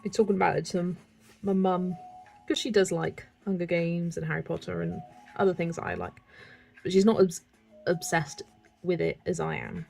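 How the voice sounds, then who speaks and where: Woman, casual colouring chat, excitable and laughing, creaky edges, faint background music. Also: lowish voice, normal speed, rough recording. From England. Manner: chatty, excitable, laughs often. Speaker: colouring livestreamer. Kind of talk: casual chat while colouring, reading viewer comments.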